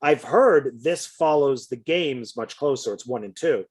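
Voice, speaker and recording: A man's voice: medium pitch, lively intonation, unhurried, husky. A man co-hosting a casual film chat, chatty and hesitant, often stumbling over his words. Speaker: co-host.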